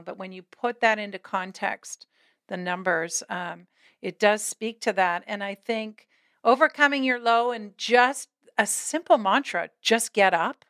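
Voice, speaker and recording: Woman host, reflective and affirming, dry close sound, middle pitch. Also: a bit bright, no echo. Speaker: interview host. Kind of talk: conversational interview.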